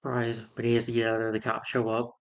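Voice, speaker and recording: A man's voice: mid-range voice, monotone, fast. A man recapping a film plot in a casual, rambling way, with many fillers and restarts. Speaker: film reviewer. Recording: dull lo-fi sound.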